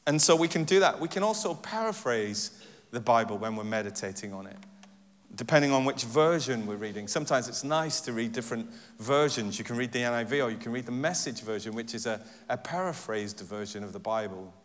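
A man preaching a sermon, repeating scripture lines and stressing different words in turn in a gentle, reflective teaching tone. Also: mid-range voice, expressive, brisk. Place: church hall. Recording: long church-hall reverb.

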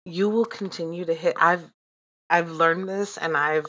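A woman in her thirties chatting casually, animated and swearing freely as she vents and laughs. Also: fairly low pitch, a little slow. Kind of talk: casual profane chat.

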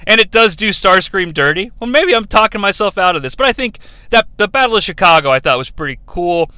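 Man, countdown show host, casual commentary, enthusiastic, rambling, high pitch, smooth clear tone. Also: animated, fairly quick, bright, forceful tone, no echo. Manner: enthusiastic, laughs often, rambles into asides.

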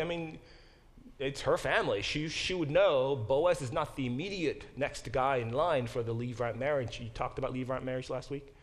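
A man teaching a Bible class in a conversational lecture style, often acting out quoted speech and restarting his sentences. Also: medium pitch. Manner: animated, acts out quoted speech.

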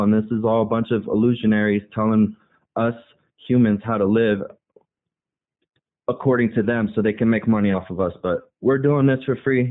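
Male caller, phone line, preachy and earnest, rambling delivery. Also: medium pitch. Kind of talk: casual call-in chat.

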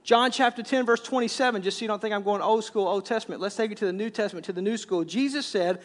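A middle-aged man gives a sermon as a church's senior pastor. His voice sits high for a man. He talks in a loose, conversational way, often doubling his words as he quotes scripture. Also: fast talker. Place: church sanctuary.

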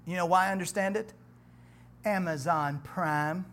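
A pastor preaching in a church with a lively, conversational delivery. The preacher mixes humor and asides to the congregation with scripture read aloud, building emphasis as the passage goes on. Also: medium pitch, measured pace. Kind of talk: sermon.

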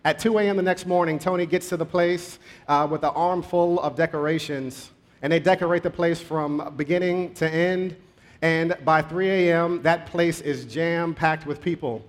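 A man preaching a sermon, telling a story conversationally with pace that speeds up and slows down. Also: a little high, fairly even intonation.

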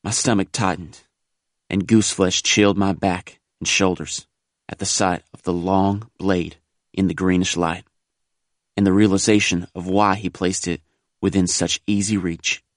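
A man reading a first-person war memoir aloud in a measured, grave audiobook narration. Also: low voice, steady tone, no echo, studio quality.

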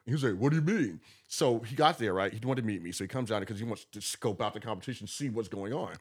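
This Texan guest promoter talks fast in a fairly low voice with a breathy edge. He shares casual stories with animation, acting out quotes and laughing along.

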